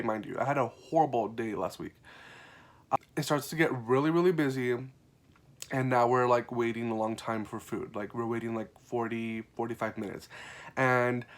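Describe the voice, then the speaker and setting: A young man vents about his job as a server, his voice sitting at an ordinary middle pitch. He tells the stories in a casual, exasperated way and swears often. His delivery drops to low, flat mumbles and then jumps into sharp, loud outbursts. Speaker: restaurant server venting about customers. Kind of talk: casual ranting storytelling.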